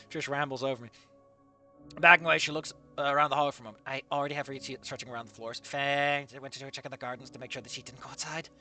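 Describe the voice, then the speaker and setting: A man reading fanfiction aloud and breaking off into comedic asides, swearing freely and quick to laugh at the text. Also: mid-range voice, fairly even intonation, pushed and bright, faint music behind. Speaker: fanfiction reader and commentator.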